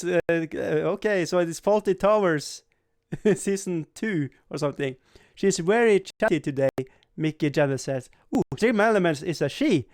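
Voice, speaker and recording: A man with a high voice hosts a live stream, reading out chat messages in a loose, rambling way. He laughs a lot and throws in playful swearing. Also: a little mellow.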